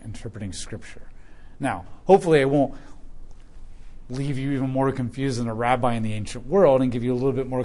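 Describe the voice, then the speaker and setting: A man leading a verse-by-verse sermon on a Bible passage, with a speaking voice of middling pitch. He keeps it loose and conversational, slipping in casual slang as he explains the text. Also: a little mellow. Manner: informal and conversational, with plain slang. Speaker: Bible teacher.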